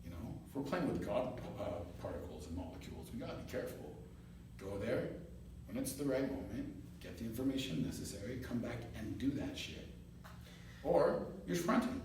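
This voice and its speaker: A man's voice: mid-range voice, moderate pace. A man tells a rambling story in easy conversation, laughing as he goes and acting out everyone's lines. He is heard from a distance in a very echoey room. A faint hiss of noise sits under his voice. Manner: animated, laughs often, acts out quoted voices. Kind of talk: casual storytelling.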